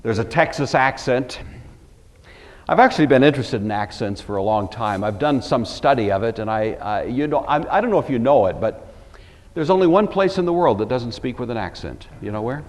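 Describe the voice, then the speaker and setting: A man's voice: medium pitch, expressive, a little fast, in a large hall. An older man from the Pacific Northwest giving an earnest, emphatic Bible lecture with wry asides, in a plain Pacific Northwest American accent. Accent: Pacific Northwest American English. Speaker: Bible teacher.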